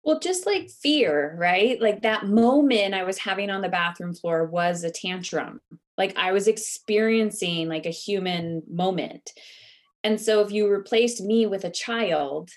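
A woman guest author telling a personal story in an interview, earnest and animated, with lots of "like" fillers. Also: medium pitch, measured pace.

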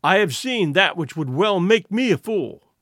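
A man reading the lines of a wounded, boastful village fighter in slow, solemn, formal speech. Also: sits high, big pitch swings, a bit bright, no echo, clean studio sound, heavily acted. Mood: grim.

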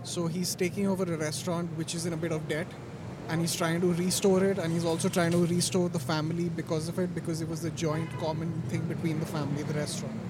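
A man's voice: fairly high pitch, level tone, fast, very noisy. A young man, an acting student, answering street interview questions in an earnest, good-natured way. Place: city sidewalk outdoors.

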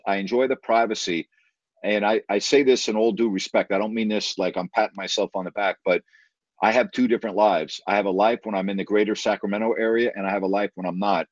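A middle-aged man, a broadcaster and podcast host, tells stories in a casual interview with a lowish voice. He rambles, repeats phrases, and stretches words for emphasis. The podcast audio is dull and dry, with no echo.

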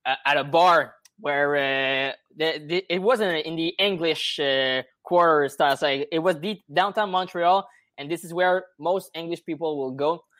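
A man's voice: on the high side, a little slow, hardly any pauses, fairly bright tone. A man from Quebec with a Quebec French accent, a native French speaker, chatting on a podcast in a hesitant way with many fillers. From Quebec, Canada. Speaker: band member guest. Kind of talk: casual podcast chat.

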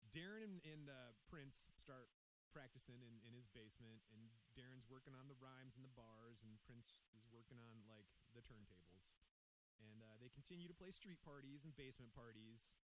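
A man's voice: mid-range voice, moderate pace, rough recording. A man co-hosting a casual podcast, telling a story with wry asides and reading quotes aloud. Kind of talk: casual chat. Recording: faint hiss.

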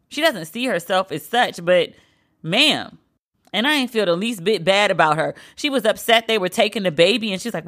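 A woman hosting a solo pop-culture podcast, talking in a sassy, sarcastic, animated way. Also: mid-range voice, normal speed. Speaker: podcast host.

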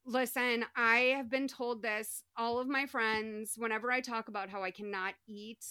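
A woman's voice: fairly high pitch, fairly even intonation, normal speed, pushed and bright, clean tone, no room sound. A young adult woman recapping a movie on a podcast, chatty and full of "like.". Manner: chatty, lots of "like". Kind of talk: casual chat.

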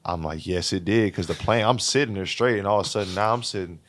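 A young man in his twenties, a college basketball player, casually telling an animated story as a guest, laughing and acting out what people said. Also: on the low side, fast talker, a little hiss or hum. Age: 20s.

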